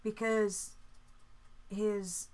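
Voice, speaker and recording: A young woman hosting a live painting stream, chatting casually while she works, joking, swearing freely and mimicking people in quick asides. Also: mid-range voice, level tone, darkish tone.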